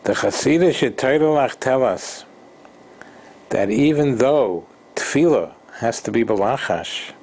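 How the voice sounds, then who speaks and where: A man teaching an informal Torah lesson, halting and repeating himself, mixing Hebrew terms into English. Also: medium pitch, husky. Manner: slow, halting, repeats words and restarts.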